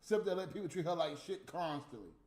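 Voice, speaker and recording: High-voiced man ranting profanely. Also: lively intonation, quick pace, a little mellow. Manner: heated, profane, scolding. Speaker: stream host. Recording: roomy room with faint music.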